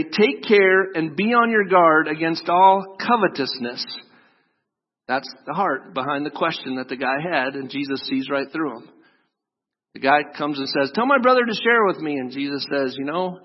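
A man preaching a sermon as pastor, animated, raising his voice for quoted scripture and joking with the congregation. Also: fairly high pitch, long reverb tail. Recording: dull lo-fi sound.

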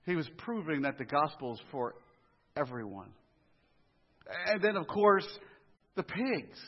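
A man's voice: on the high side, very animated, measured pace, breathy edge. A man preaching a sermon, with conversational asides and humor. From US inner city. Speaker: pastor. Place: church sanctuary. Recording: muffled live church audio, long reverb.

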